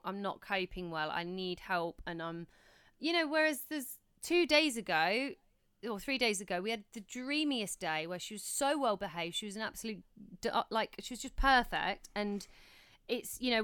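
Smooth-voiced mum chatting. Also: female voice, mid-range voice, expressive, moderate pace, fairly bright tone, no room sound, studio quality. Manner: chatty, reflective, many restarts. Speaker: podcast co-host. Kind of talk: casual chat.

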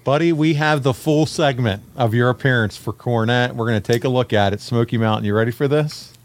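A man's voice: medium pitch, a little fast. Man hosting a wrestling history podcast. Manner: enthusiastic, reads off names and sets up clips. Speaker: podcast host. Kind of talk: casual podcast chat.

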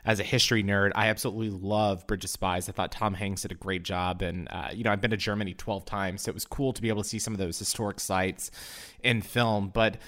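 A man's voice: fairly low pitch, steady tone, fast, fairly bright tone. A man hosting a podcast, asking questions in a conversational way with many fillers. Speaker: podcast host. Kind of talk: casual podcast interviewing.

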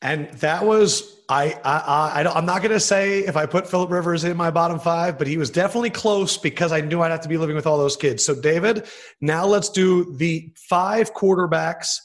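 A man's voice: a little high, fairly quick. A man hosting a podcast interview, reacting with enthusiasm and asking questions. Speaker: podcast host.

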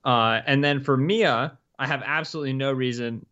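Male podcast co-host, casual and filler-heavy, middle pitch, slightly muffled recording. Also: normal speed, bright, forceful tone. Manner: loose, rambling, heavy on fillers.

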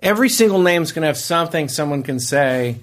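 Rambling storytelling man, slightly high voice. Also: animated, fast. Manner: rambling storyteller, restarts and repeats phrases. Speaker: podcast host. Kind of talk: casual chat.

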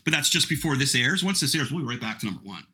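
Middle-aged man, podcast host, casual rambling chat, husky edge. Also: mid-range voice, expressive, rapid-fire, pushed and bright. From Canada. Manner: chatty, rambling, self-mocking.

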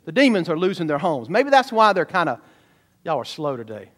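A man preaching a sermon as pastor, animated and talking straight to the congregation. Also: fairly high pitch, a little fast. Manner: animated preaching, sudden shouts and asides to the congregation.

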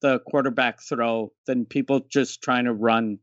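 Halting man on a dull lo-fi mic. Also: mid-range voice, fairly even intonation, no room sound. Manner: halting, restarts sentences often. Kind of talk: casual chat.

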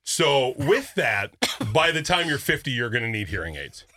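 A man in his thirties hosting a show, telling a story loudly and acting out what others said, laughing as he goes. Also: medium pitch, moderate pace. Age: 30s. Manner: loud, animated, laughs through stories and acts out quotes. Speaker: radio show host. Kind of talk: comedic storytelling chat.

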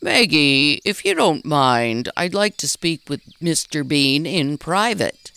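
A woman's voice: sits low, big pitch swings, a bit bright, smooth, exaggerated voice. Mayor Poojum, a woman doing a courtly stuffed bear. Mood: courteous. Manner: measured, courteous, grave. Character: kindly stuffed bear mayor, male, formal.

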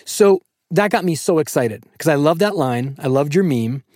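Podcast host, male, playful and excitable, slightly high voice, dry close mic. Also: normal speed, no room sound. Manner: playful, excitable, runs the segments. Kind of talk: casual chat. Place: podcast booth.

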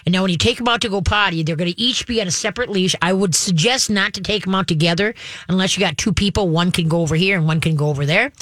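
Brisk woman giving dog-training advice. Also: fairly low pitch, fairly bright tone, no echo. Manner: brisk instructive, frequent "okay?" check-ins. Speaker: dog trainer and radio host. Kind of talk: call-in advice show.

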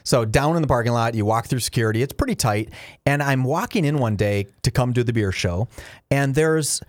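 A man co-hosting a radio show, chatting casually and telling lively stories, acting out the quotes in them. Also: mid-range voice, a little fast, no room sound. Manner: animated storyteller, acts out quotes. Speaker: radio co-host.

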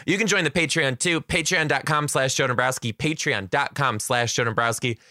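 Upbeat man, kindergarten teacher hosting his podcast, forceful and bright, dry close sound. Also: mid-range voice, normal speed, no echo. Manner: upbeat, chatty, playful. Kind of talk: casual solo podcast chat.

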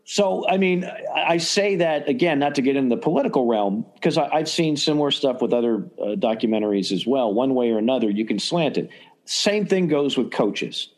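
A man hosting a casual sports podcast in an enthusiastic, rambling way. He often restarts his sentences and speaks at an ordinary mid pitch. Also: animated, brisk. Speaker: podcast host.

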